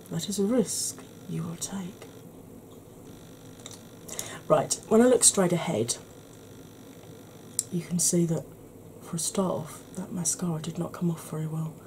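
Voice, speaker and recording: A woman with a slightly husky voice, giving a soft-spoken ASMR makeup tutorial in a chatty, explanatory way. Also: lowish voice, fairly even intonation, unhurried, long pauses, a little hiss or hum.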